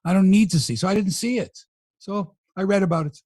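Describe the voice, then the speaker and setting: A middle-aged man hosts a sports talk podcast with a somewhat high, husky voice. He rattles through scores and headlines, then breaks off into chatty, opinionated asides. The sound is dry and close. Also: fairly quick, darkish tone, no room sound. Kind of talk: casual sports talk and news rundown.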